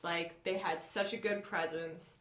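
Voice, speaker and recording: A young woman co-hosting a podcast, telling stories in casual, animated chat. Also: fairly low pitch, measured pace. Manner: chatty and animated storyteller. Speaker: podcast co-host. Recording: roomy echo.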